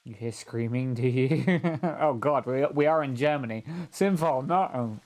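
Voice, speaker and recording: A man at an ordinary, middle pitch chatting through a hunting game with a friend. He rambles from joke to joke and laughs often. The talk is loose, casual stream banter. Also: moderate pace, darkish tone. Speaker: co-player on a stream.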